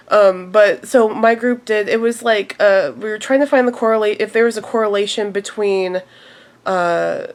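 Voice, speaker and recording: A young woman in her twenties telling a story straight to camera in a casual vlog. She is animated and laughs a lot, and her voice jumps up whenever she quotes herself or others. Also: medium pitch. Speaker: vlogger.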